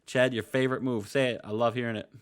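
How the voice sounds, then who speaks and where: A man's voice: medium pitch, steady tone, fast, clear, resonant tone. A man co-hosting a casual wrestling game podcast, recapping matches in a joking, laid-back way. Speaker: podcast co-host. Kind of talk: casual chat.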